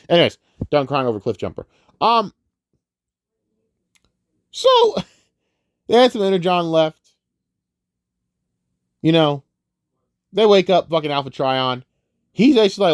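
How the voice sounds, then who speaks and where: A man's voice: fairly high pitch, takes it slowly, long pauses, no room sound, studio quality. A man giving a casual, profane, rambling film review rant. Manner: profane, rambling, animated ranting. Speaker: movie reviewer.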